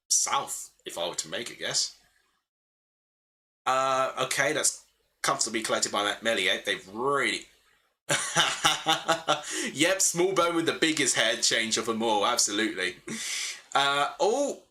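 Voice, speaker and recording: Bright-voiced young man hosting a football watchalong. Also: mid-range voice. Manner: chatty, thinking aloud, answering chat between play calls. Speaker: livestream host. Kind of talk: live football watchalong commentary, chatting with viewers.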